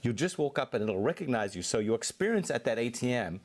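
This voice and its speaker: A man being interviewed as a technology executive, explaining his points fluently and in a measured way. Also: mid-range voice, sing-song. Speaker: Microsoft technology executive, guest. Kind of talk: interview answers.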